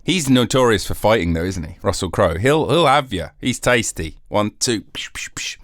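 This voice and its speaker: A man's voice: on the low side, lively intonation, moderate pace, fairly bright tone, no echo, studio quality. A male podcast host chatting casually, rambling with laughs and swearing. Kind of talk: casual comic chat.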